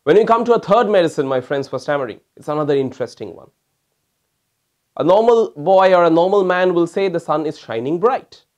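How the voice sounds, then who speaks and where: A man with a fairly high voice lectures as a homeopathic doctor. He talks to his listeners as "my friends" and explains his points with demonstrations. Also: animated, fairly quick, a little mellow. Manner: addresses listeners as "my friends", mimics stammering patients to demonstrate. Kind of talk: recorded lecture.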